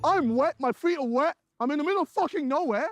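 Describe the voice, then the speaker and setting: A man's voice: extremely high pitch, expressive, quick pace, faint music behind. A young man vlogging outdoors in the rain, grumbling and sarcastic in casual banter.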